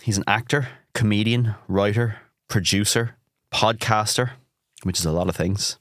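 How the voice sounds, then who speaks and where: An Irish man hosts a laid-back food podcast with a fairly low voice. He teases his guest in an easygoing way and asks curious questions. The sound is dry and close, with no room echo. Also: moderate pace, fairly bright tone. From Ireland. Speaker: podcast host and chef. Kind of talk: casual food podcast chat.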